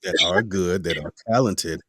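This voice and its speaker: A man hosting a podcast interview in casual chat, lively and fond of mimicking voices in his stories. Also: deep voice, moderate pace, slightly rough, dry recording, studio quality. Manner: animated, mimics voices in anecdotes. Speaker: podcast host.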